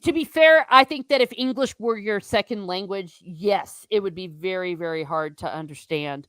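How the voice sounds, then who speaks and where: An American woman hosts a casual online book chat, lively and talkative, stopping often to read out viewer comments. Her voice sits in a middle range and sounds dry and close, with no room around it. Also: medium pitch, moderate pace, no room sound. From United States. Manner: chatty, animated, reads viewer comments aloud. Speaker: host.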